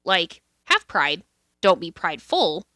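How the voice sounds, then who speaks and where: A woman co-hosting a podcast, talking bluntly and swearing freely as she chats. Her voice is bright and forceful, and the sound is dry and close. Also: on the low side, sing-song, slow, dry recording. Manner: blunt and candid, swears freely, many fillers and restarts. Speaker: podcast co-host. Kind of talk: casual podcast chat.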